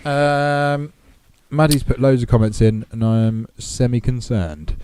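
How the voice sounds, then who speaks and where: A man's voice: mid-range voice, steady tone, unhurried, dark tone, slight background noise. A man co-hosting a casual online show over a video call, joking and rambling as he reads out odd news stories. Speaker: co-host. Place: abroad on the continent, remote call.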